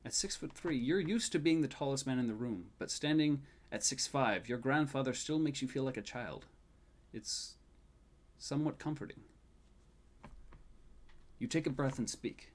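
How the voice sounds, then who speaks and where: A male game master reads out a tabletop game scene in measured, soft narration. His voice sits at an ordinary mid-range pitch and sinks to a hush in the sorrowful parts. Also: lively intonation. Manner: soft, measured, dropping quiet at sad moments.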